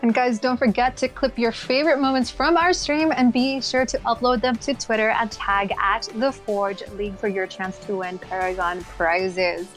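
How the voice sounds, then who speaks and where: A woman's voice: fairly high pitch, steady tone, moderate pace, hardly any pauses, faint music behind. A woman casting an esports tournament, chatty and upbeat, laughing often. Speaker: esports caster.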